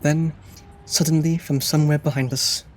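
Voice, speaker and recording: A man's voice: fairly high pitch, level tone, normal speed, a little hiss or hum. A man reading a screenplay's scene directions aloud in a dry, matter-of-fact way. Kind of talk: scripted narration of scene directions.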